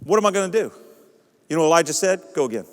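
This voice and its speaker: Male pastor, fiery sermon, high voice, long echoing church reverb. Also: rapid-fire. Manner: impassioned, builds to shouting. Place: church sanctuary.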